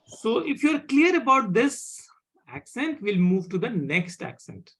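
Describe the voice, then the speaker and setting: A French teacher runs a live beginner class over a video call. The voice is a little husky and the delivery slow, with pitch that rises and falls a lot. The teacher patiently repeats points and keeps asking whether the students follow. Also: big pitch swings, fairly bright tone. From India. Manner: patient, repeats and checks understanding.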